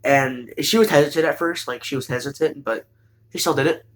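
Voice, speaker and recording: A man's voice: a little high, fairly quick. Rambling young man recapping an anime. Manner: rambling, hesitant with many fillers. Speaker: show host.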